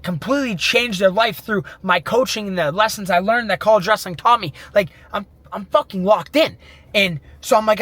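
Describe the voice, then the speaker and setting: Man, 20s, mindset coach, intense profane monologue, bright high voice, dry sound. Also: no echo. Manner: intense, profane, self-pep-talking. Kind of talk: motivational monologue.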